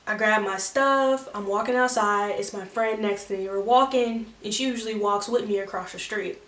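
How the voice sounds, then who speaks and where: A woman's voice: mid-range voice, moderate pace, a bit bright, recorded from a distance. A young adult woman telling a storytime in a chatty way, full of "like" fillers and restarts. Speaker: vlogger. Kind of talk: casual storytime. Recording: roomy echo, from the mic.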